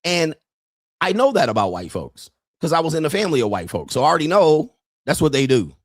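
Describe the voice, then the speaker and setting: A man's voice: fairly high pitch, sing-song, fairly quick, dry recording, clean studio sound. A man hosting a show, delivering a blunt, profane casual rant that repeats its points and acts out quoted voices. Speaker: show host.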